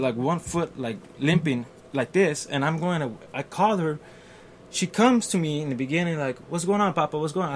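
A man with a fairly high pitch shares a personal story in casual conversation, accompanied by a faint hiss or hum. He performs the voices of the people he describes in an animated manner, with fillers and restarts.

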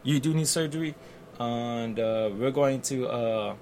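A man recounts something that happened to him in a relaxed chat, performing the other people's lines in their voices and stumbling through fillers and restarts with plenty of animation. He speaks a little slowly in a mid-range voice, over a faint hiss or hum.

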